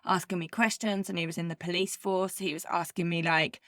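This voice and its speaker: A woman's voice: on the low side, little pitch movement, brisk, a bit bright, no room sound, clean studio sound. A woman co-hosting a podcast in casual chat, telling stories in a chatty, rambling way full of "like". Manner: chatty storyteller, lots of "like". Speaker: podcast co-host. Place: living in Bermuda as an expat.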